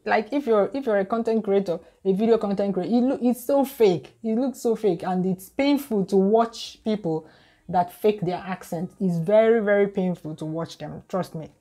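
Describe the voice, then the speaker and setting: A woman's voice: on the low side, dark tone. A Nigerian woman with a Nigerian accent, chatting casually to her viewers and often repeating words as she restarts. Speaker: YouTuber. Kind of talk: casual talk to camera.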